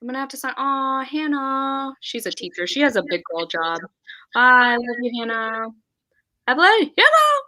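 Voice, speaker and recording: A woman's voice: fairly high pitch, normal speed, pushed and bright. Giggly, profane young woman streaming. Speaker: livestream host. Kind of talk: casual livestream chat.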